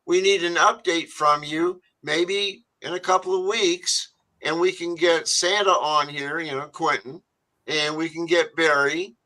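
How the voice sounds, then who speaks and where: A man's voice: on the high side, steady tone, a little slow, bright, forceful tone, low-quality recording. A man hosting a talk radio show, rambling and chatty with many fillers.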